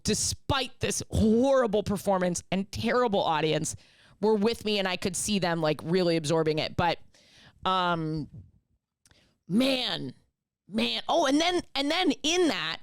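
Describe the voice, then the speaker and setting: Profane, animated woman comedian telling stories. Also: mid-range voice, unhurried, dry recording. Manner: animated, profane, acts out scenes with loud outbursts. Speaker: comedian and podcast co-host. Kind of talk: casual chat, storytelling.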